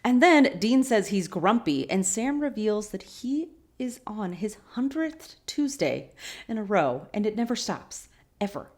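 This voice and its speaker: Chatty female podcast host, mid-pitched, casual and opinionated while recapping an episode. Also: big pitch swings, unhurried, darkish tone. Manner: chatty and opinionated, retelling scenes.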